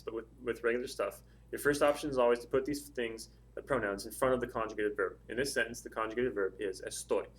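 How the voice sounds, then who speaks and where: A man teaching a language lesson, explaining step by step with patient pauses and frequent ums. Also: mid-range voice. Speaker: Spanish teacher.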